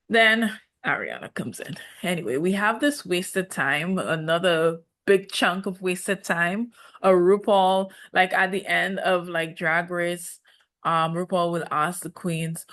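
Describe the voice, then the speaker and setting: A woman's voice: on the low side, a little slow, a bit bright. A woman, reviewing a reality show in casual commentary, sassy and sarcastic, slipping into mocking quoted voices.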